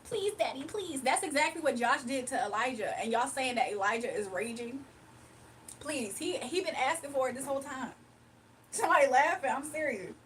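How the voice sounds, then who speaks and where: Hosting a laid-back livestream, this woman speaks a little fast in a high, fairly bright voice, bantering with her chat and laughing a lot. She sounds distant, with faint noise in the background.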